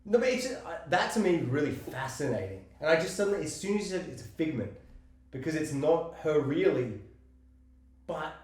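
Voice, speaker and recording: A man's voice: a little high, normal speed. Guy co-hosting a movie podcast, rambly and swears a lot, super echoey room. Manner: rambling, animated, swears often. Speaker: podcast co-host. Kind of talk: casual film discussion.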